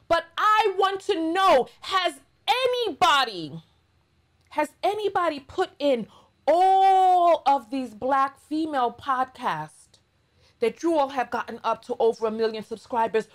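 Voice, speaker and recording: A woman with a New York accent delivers casual vlog commentary in a high, unhurried voice. She is blunt and sarcastic, drawing out words for emphasis as she lectures her audience. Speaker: commentary channel host.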